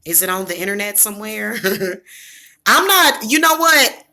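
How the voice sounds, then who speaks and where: Bright-voiced Southern-accented woman livestreaming. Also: mid-range voice, very animated, measured pace. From American Midwest. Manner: rambling, talks to chat viewers. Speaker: livestream host. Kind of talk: casual livestream chat. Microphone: device camera.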